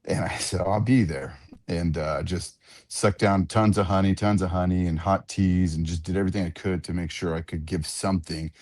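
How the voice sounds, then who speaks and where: A man, an octagon announcer, telling animated stories in a casual radio interview and often repeating his words. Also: deep voice, moderate pace. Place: radio studio.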